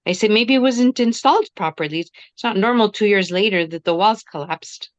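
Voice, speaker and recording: Lively middle-aged woman telling a story. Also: mid-range voice, normal speed, dry recording. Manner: animated, acts out quoted dialogue. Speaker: workshop participant. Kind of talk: casual storytelling.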